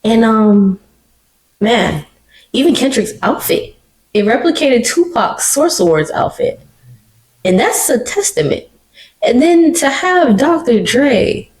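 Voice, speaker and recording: A woman hosting her own podcast, talking alone in an animated, emotional and slangy way. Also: fairly high pitch, rough recording. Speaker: podcast host. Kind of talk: casual solo commentary. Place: living room.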